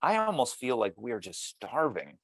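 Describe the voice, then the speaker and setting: A man's voice: medium pitch, wildly swooping pitch, moderate pace, slightly rough, no room sound. A man interviewing guests over a video call, thoughtful and musing, with frequent restarts. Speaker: interviewer and mediator.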